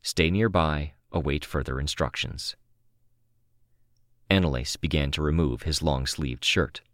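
A man narrating a novel in the first person, calm and measured, close to the microphone. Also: very deep voice, no echo. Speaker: audiobook narrator.

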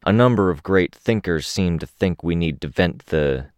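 A man voicing a calm, persuasive police officer who speaks in a measured way. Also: deep voice, clean tone, no echo, clean studio sound.

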